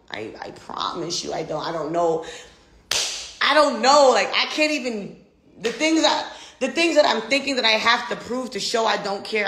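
A woman's voice: lowish voice, a bit bright, reverberant. A young American woman ranting in a brash, profane, defiant way, repeating herself as she talks. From United States. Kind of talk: casual rant.

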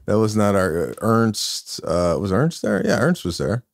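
A man with a lowish voice chats as a comedian guest. He talks haltingly and stops often to hunt for the right word. The mic is close and the sound is dry. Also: big pitch swings, creaky, dry recording. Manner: halting, searching for words with many uhs. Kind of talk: casual chat.

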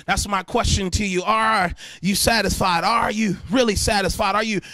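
A male pastor preaching a sermon with fervent energy, shouting and half-singing some lines and dropping to a murmur when finding Bible verses. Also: high-pitched, fairly even intonation, moderate pace, no room sound.

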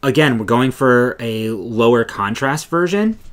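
A man's voice: medium pitch, expressive, a little slow. A man co-hosting a casual knitting podcast, talking with enthusiasm in a meandering way full of fillers. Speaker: podcast co-host.

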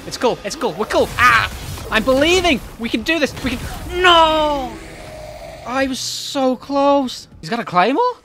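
A man giving joking, excitable commentary while playing a game, often shouting at enemies. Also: very high voice, unhurried, soft background music. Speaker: gaming YouTuber. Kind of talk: comedic let's-play commentary.

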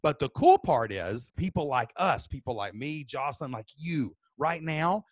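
A man, a podcast host telling a story loudly and excitably, then turning it into marketing advice. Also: a little high, dry recording. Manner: loud, excitable, fast-moving. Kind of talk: animated storytelling.

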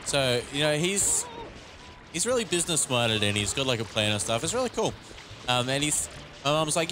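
A man co-hosting a let's play, chatting casually and telling stories in an animated way, laughing easily and swearing. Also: mid-range voice, normal speed, noisy background. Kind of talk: casual gameplay banter.

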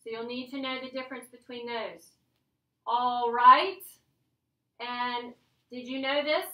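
A woman's voice: on the high side, steady tone, measured pace, pushed and bright. A woman teacher giving a playful, chatty grammar lesson to her class. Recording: echoey classroom from a distance.

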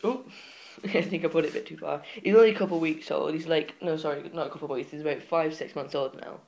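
A teenager vlogging at home, rambling in halting, filler-heavy chat and breaking off to give a dog short commands. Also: mid-range voice, fairly even intonation, gravelly, a little mellow, slight background noise. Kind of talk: casual home vlog.

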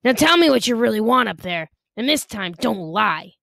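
A woman's voice: on the high side, big pitch swings, moderate pace, creaky, a bit bright, dry recording, full character voice. A woman voicing a scowling, bullying male bartender who barks and growls his lines. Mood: hostile. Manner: barking, growling.

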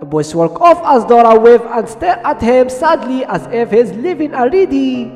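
A man's voice: very high voice, big pitch swings, moderate pace, a little mellow. A man whose first language is Arabic, hosting a channel and retelling a cartoon episode in simple, broken English. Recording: reverberant with background music.

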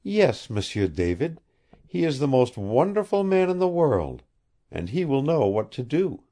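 A man's voice: mid-range voice, big pitch swings, unhurried, dark tone, voice pushed up. Man voicing an earnest young woman. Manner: pleading, childlike sincerity. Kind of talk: audiobook character reading.

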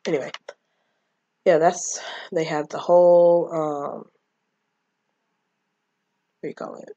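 A woman's voice: lowish voice, level tone, takes it slowly, warm tone, no room sound, lo-fi sound. A woman casually retelling a childhood movie, chatting and acting out the characters' lines. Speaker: movie recapper.

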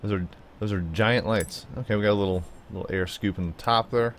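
Talking a little fast, this male gaming YouTuber keeps up a playful, chatty commentary aimed at his car and his audience. He often jumps into high, goofy tones, and there's slight noise in the background.

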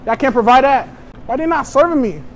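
High-voiced brash young man pranking. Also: animated, fairly quick, slight background noise. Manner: brash, joking, provocative. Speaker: prank vlogger. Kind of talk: public prank chatter. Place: inside a store.

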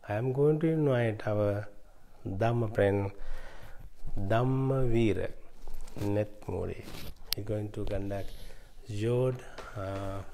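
Slow, mellow-voiced monk giving a blessing. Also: male voice, fairly low pitch, a little hiss or hum. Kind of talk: ceremony blessing and introduction.

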